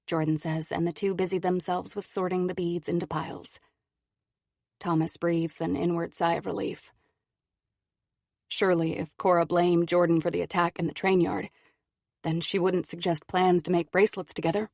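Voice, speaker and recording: A woman narrating an audiobook in an even, measured way. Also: lowish voice, gravelly, no room sound, studio quality. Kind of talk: scripted narration.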